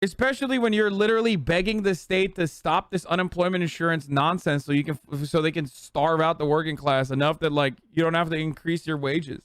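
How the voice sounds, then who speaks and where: A man's voice: on the high side, fairly even intonation, a little fast, few pauses, smooth, no room sound, clean studio sound. A man in his thirties ranting and mocking in profane, casual live-stream commentary.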